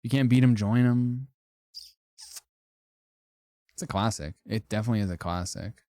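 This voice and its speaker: A man's voice: on the low side, moderate pace, dark tone, no echo, studio quality. A young man streaming casual commentary, reacting offhand and wryly to phrases he ranks, with frequent swearing and laughter.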